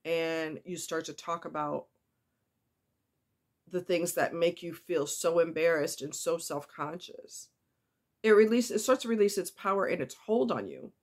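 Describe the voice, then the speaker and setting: A woman's voice: lowish voice, a little slow. A woman vlogger talking straight to her viewers in a casual, heartfelt and confiding way, with chatty asides.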